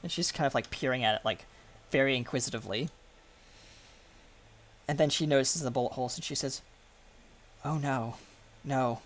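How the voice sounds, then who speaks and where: A man's voice: mid-range voice, a little fast, pauses often, a bit bright. A man narrating as game master, describing scenes in a rambling, filler-heavy way.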